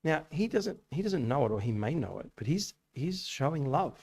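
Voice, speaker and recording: Gravelly man preaching casually. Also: on the high side, very animated, normal speed, a little mellow. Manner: conversational, anecdotal, rhetorical questions. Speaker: youth meeting speaker. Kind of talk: casual sermon to young people. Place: church hall.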